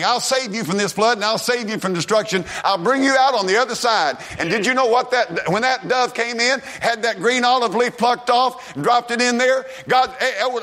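Fervent preacher man, high and bright. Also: moderate pace, few pauses. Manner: fervent, shouts rises then drops low and hushed. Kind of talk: revival sermon.

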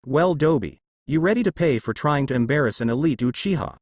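A man's voice: on the high side, animated, brisk, a little mellow, no echo. A man reading as an arrogant, taunting boy ninja. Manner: smirking, taunting.

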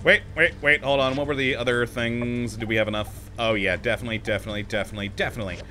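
Casting note: male let's-play host, bright, forceful voice, chatty and frustrated with the game, faint music underneath. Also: medium pitch, steady tone, very fast. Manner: talks to himself, easily exasperated, laughs often. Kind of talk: casual gameplay commentary.

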